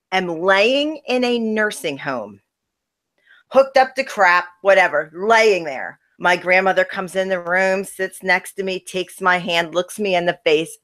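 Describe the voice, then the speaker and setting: A woman's voice: medium pitch, animated, normal speed, pushed and bright. A woman co-hosting a casual gossip chat, blunt and exasperated, swearing freely as she recaps a reality show. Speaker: podcast co-host, former wrestler.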